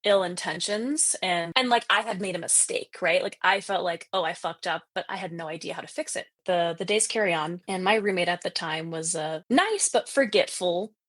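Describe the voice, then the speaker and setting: A woman's voice: on the low side, moderate pace, hardly any pauses, fairly bright tone, dry recording. A woman telling a ghost story in casual chat, full of "like" fillers, who acts out the voices she quotes. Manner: chatty, heavy on "like" fillers. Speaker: podcast guest telling ghost stories.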